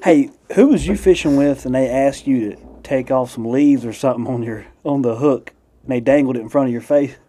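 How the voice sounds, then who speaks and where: Man, mellow dark voice, casual podcast co-host, short questions. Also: mid-range voice, a little fast, breathy edge. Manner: chiming in with short questions, laughing. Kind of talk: casual chat.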